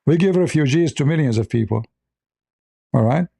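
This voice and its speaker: Male show host, blunt and mocking, talks in broken English; somewhat high but dark-toned voice. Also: animated, moderate pace, creaky, husky. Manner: sarcastic, blunt, broken grammar. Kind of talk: mocking live commentary.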